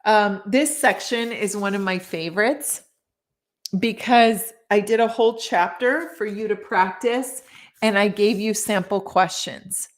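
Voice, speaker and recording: A middle-aged woman reading her own book on a live stream and chatting warmly with viewers between passages. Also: medium pitch, a little slow. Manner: warm, gushing, chats with viewers between passages.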